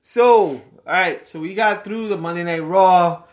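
A man co-hosting a casual podcast, relaxed and a little tipsy, laughing often as he talks. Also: high-pitched, a little slow. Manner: laid-back, laughs often. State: tipsy from whiskey. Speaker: podcast co-host. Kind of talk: casual chat.

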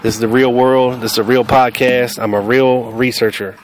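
A man's voice: medium pitch, level tone, moderate pace, background noise. A man with a Southern US accent hosting a podcast, talking bluntly and combatively and cussing freely. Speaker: podcast host. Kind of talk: casual podcast monologue.

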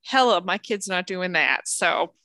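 A woman in her thirties co-hosting a podcast over a remote call, chatting casually and telling stories with lively acted-out voices. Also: on the low side, a little slow, no room sound. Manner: animated storyteller, acts out voices, laughs often. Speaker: podcast co-host. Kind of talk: casual chat. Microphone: headphones over a video call.

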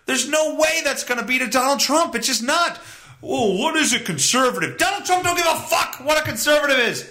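A man's voice: very high-pitched, animated, brisk, sharp tone. A man hosting a solo podcast, ranting in a sarcastic, profane way. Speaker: podcast host. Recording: roomy echo.

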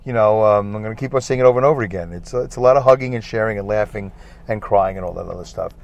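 A man's voice: fairly low pitch, rapid-fire, vocal fry, no echo, lo-fi sound. Brooklyn-accented male podcast host, chatty and self-mocking, in a parked car, dry sound. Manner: chatty, repetitive, self-deprecating. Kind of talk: rambling solo podcast monologue.

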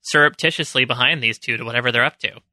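A man's voice: medium pitch, fast, pushed and bright, no room sound. A man playing in a tabletop role-playing game, laid-back with a dry wit. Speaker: player. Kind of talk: casual tabletop game chat.

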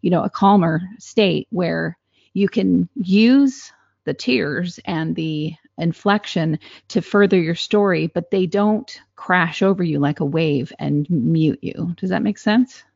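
A woman co-hosting a podcast, talking candidly and animatedly, with quick asides and easy laughter. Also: on the low side, vocal fry, a little mellow, no room sound, muffled recording. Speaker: co-host. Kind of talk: casual podcast chat.

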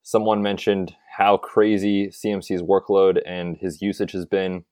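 A man with a fairly low voice co-hosts a sports podcast, keeping things upbeat and conversational. He talks casually into a close mic. The sound is dry, with no room echo. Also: level tone, measured pace, darkish tone. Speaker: podcast co-host.

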